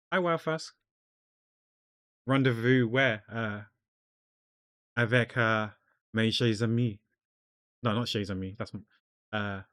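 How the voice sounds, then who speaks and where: A man's voice: mid-range voice, fairly bright tone, no room sound, studio quality. Chatty man on a stream. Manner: chatty, rambling, jokey. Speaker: art streamer. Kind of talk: casual livestream chat while drawing.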